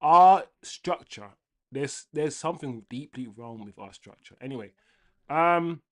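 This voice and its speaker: Young male streamer, fairly high voice, emotional fan rant, flips from loud to mumbling. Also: unhurried. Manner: animated, swinging from loud outbursts to low muttering. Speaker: livestream football watchalong host. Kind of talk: casual fan rant to live chat.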